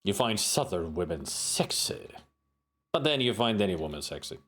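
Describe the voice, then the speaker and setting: A man's voice: low-pitched, sing-song, normal speed, a bit bright. A man streaming a retro adventure game, reading its text aloud and making playful asides.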